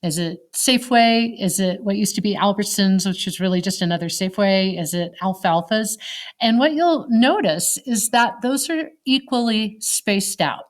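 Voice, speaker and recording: Conversational woman giving an online lecture. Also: medium pitch. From Colorado, United States. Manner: conversational, asks the class questions. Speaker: teacher.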